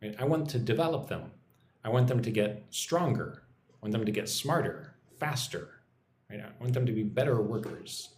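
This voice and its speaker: A man's voice: on the low side, lively intonation, normal speed, a little mellow, reverberant, slight background noise. A man teaching English on a live stream, explaining example sentences patiently and often checking in with "right?".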